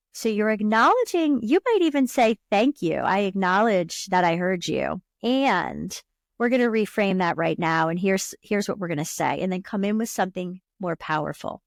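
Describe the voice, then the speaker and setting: A woman's voice: medium pitch, no echo, studio quality. A woman hosting a self-help podcast, talking earnestly to her listener in a coaching tone. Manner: earnest, coaching tone, acts out inner voices. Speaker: podcast host and subconscious coach. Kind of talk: solo self-help talk.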